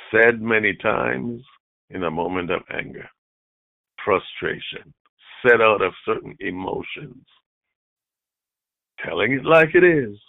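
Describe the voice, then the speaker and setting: A man preaching a sermon, swinging from shouted outbursts down to hushed, low asides. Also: gravelly, no room sound. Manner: dramatic preaching, shifts from loud shouted mimicry to low near-whispers. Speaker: pastor. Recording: dry tinny phone-like sound.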